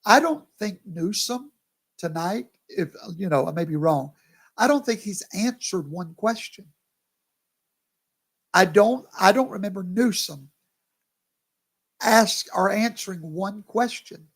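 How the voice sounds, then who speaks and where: Male pastor, worn out, drawling slow with a gravelly edge, chatty with his viewers. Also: high-pitched, expressive, fairly bright tone. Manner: chatty, talks to viewers by name. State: tired, yawning. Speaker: pastor hosting a livestream. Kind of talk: casual live commentary.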